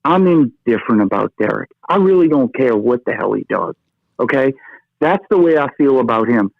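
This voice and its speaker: A man phones in to a sports talk show for a fiery rant, capping his lines with "okay?" and "brother." His mid-range voice is animated, moderately paced, and edged with vocal fry, coming through dry over a tinny phone line.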